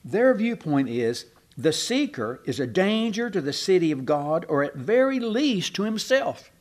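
This older man's sermon is very animated and measured in pace, his somewhat high voice ranging widely through his stories. Asides and restarted sentences punctuate his delivery as he drives toward emphatic points.

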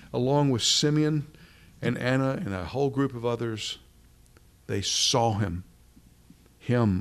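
A man preaching an earnest sermon to a small evening gathering, with measured, drawn-out emphasis and a closing prayer. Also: mid-range voice, creaky.

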